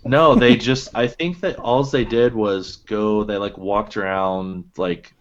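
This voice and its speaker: A man's voice: fairly low pitch, slow pace, lo-fi sound, background noise. A young man co-hosting a podcast, ranting animatedly and cursing as he recaps a reality show. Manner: animated, profane ranting with mimicking quotes. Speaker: podcast co-host. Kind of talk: casual chat.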